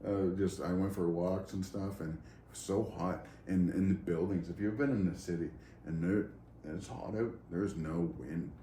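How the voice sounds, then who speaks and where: A man's voice: low voice, steady tone, normal speed, mellow. A man co-hosting a casual chat, talking in a laid-back, rambling, self-mocking way. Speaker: co-host. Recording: roomy garage with faint background noise.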